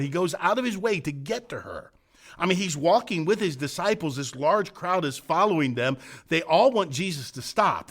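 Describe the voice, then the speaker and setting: A middle-aged man preaches a sermon in a slightly high voice that rises and falls widely. He stacks short emphatic repeated phrases, then drops to a soft hush for weight. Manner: earnest, building emphatic repetitions then dropping to soft hushed phrases. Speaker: senior pastor.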